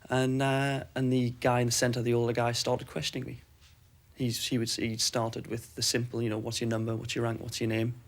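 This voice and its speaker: Fast, flat-voiced man recounting. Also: medium pitch. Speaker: former military aircrew interviewee. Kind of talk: documentary interview recollection.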